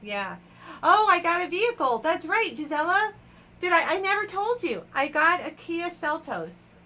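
A woman's voice: on the high side, sharp tone, a little hiss or hum. A woman hosting a casual live jewelry auction stream, chatting with viewers by name and laughing often.

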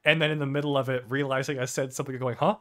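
A man's voice: medium pitch, flat delivery, very fast, fairly bright tone, a little hiss or hum. A man in a casual podcast chat, teasing the others and laughing often.

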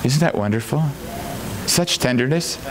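A man's voice: medium pitch, animated, normal speed, background noise. A pastor preaching a sermon, earnest and tender in his storytelling, rising to fervent emphasis.

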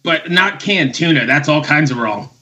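A man hosting a podcast over a call, easygoing and quick to laugh as he greets a guest. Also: on the high side, animated, pushed and bright, faint music behind. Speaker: podcast host. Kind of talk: casual chat.

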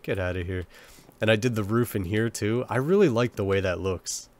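A man's voice: on the low side, moderate pace, a little mellow. A young man with a cold, sounding nasal and sniffly, rambling and joking at himself while commenting on his gameplay. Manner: rambling, self-mocking chatter to himself. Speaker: let's play gamer.

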